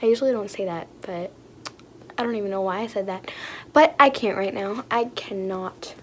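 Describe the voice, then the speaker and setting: A young woman excitedly unboxing toys for her vlog, gushing and gasping with lots of fillers. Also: mid-range voice, moderate pace, a little hiss or hum. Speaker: vlogger.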